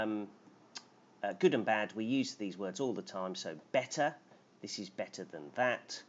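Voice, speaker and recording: A man teaching English grammar on a live stream, explaining patiently and reading out names from the chat. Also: fairly low pitch. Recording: dull lo-fi stream audio with faint noise.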